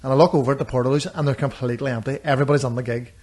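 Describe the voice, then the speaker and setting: Man, mid pitch, animated rambling podcast storytelling. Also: very fast. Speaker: podcast co-host. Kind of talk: casual storytelling.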